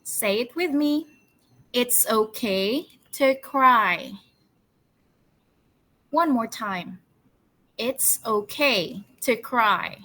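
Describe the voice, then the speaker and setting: A woman teacher runs a storytelling lesson for young children, her voice sitting a little high and ringing bright. She speaks very slowly, with cheerful coaxing questions, and has the class repeat each word after her. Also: lively intonation, low-quality recording. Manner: drills words with slow call-and-response repetition. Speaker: English teacher.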